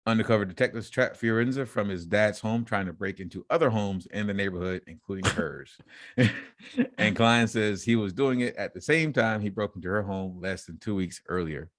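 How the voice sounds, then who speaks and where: A man's voice: fairly low pitch, no room sound, clean studio sound. A man co-hosting a casual podcast, reading news stories aloud and joking and laughing between them. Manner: reads headlines, then riffs and laughs between lines. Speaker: podcast co-host.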